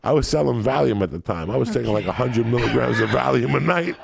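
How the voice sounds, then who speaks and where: A comedian telling a raunchy, rambling story full of profanity and graphic detail. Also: male voice, medium pitch, expressive, fast, vocal fry, heavy background noise.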